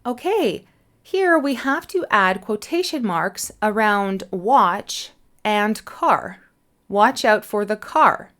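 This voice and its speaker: A woman teaching an English punctuation lesson, explaining each answer clearly and patiently and spelling letters out slowly. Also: medium pitch, expressive, a bit bright.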